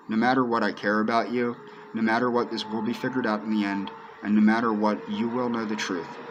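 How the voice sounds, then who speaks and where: Earnest pleading man, deep voice. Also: slight background noise, rough recording. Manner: earnest, pleading, repeats himself often. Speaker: video creator. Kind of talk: direct-to-camera personal monologue.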